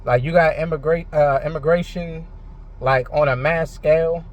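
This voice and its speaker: A man's voice: fairly high pitch, steady tone, normal speed, highs cut off. A frustrated man ranting in a rambling, heated monologue, full of filler words and swearing. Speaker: vlogger. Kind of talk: unscripted monologue to camera.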